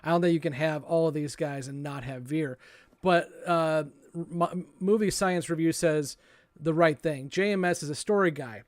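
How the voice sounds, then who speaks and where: A man's voice: fairly high pitch, normal speed, no room sound. Male podcast host, casual and musing, reads listener questions, dry close sound. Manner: reads listener questions, thinks aloud with hesitations.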